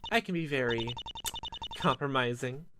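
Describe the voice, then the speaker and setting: A man doing an eerie deadpan young woman. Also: medium pitch, normal speed, background noise, lightly acted. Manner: flat, deadpan, cryptic.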